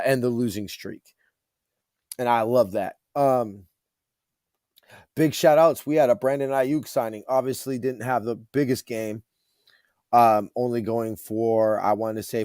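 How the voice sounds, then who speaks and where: A young man hosting a casual sports podcast from home, excited and rambling, full of fillers and restarts, holding his voice down. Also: mid-range voice, no room sound, clean studio sound. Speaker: podcast host. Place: home room, keeping voice down for sleeping roommates.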